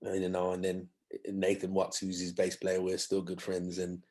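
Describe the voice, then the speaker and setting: Low-voiced man telling stories. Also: normal speed. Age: 50s. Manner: animated anecdotes, acting out others' voices. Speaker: guest musician. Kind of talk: storytelling in a podcast interview.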